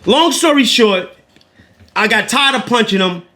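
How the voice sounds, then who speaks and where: Man, very high pitch, sharp bright tone; animated, profane podcast host spinning a story. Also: a little slow, slight background noise. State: winded. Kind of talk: casual storytelling chat.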